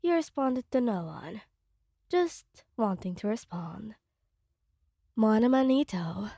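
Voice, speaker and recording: Woman narrator for a fan story, slow, mellow and fairly high, dry close sound. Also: expressive, creaky, no room sound. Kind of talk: reading a fan fiction story.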